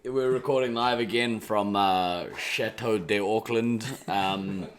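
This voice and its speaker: Very deep, slow-talking tired man. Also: fairly even intonation, noisy background. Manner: laid-back, tired, drawling with many fillers. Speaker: podcast host. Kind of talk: casual late-night podcast chat. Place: shared rental house, indoors.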